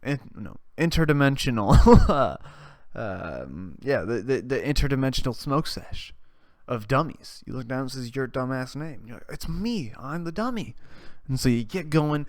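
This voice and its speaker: A young man hosting a podcast, rambling through a comedic monologue, swinging between loud rants and quiet mumbles. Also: mid-range voice, lively intonation, normal speed, no room sound. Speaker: podcast host.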